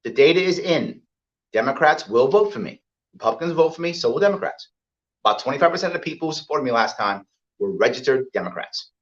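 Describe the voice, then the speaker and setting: A man's voice: medium pitch, fairly bright tone. Emphatic New man giving a campaign speech. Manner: emphatic, repeats points, acts out quoted voices. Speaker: political candidate. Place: event hall with live audience. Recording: dull lo-fi event recording.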